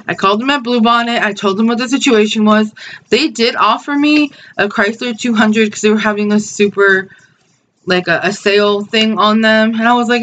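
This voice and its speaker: A woman's voice: fairly high pitch, normal speed, fairly bright tone, lo-fi sound. Texas lady vlogging, blunt n sweary, says like and dude a lot, bit of faint hiss behind. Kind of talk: casual storytelling vlog.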